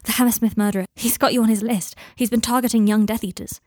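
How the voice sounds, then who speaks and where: An anxious young Auror, as a woman reads him, pushing his words out urgently and briskly. Close, dry audiobook sound. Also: a little high, fairly even intonation, a little mellow, no echo, close to an everyday voice. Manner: urgent, pushy, clipped.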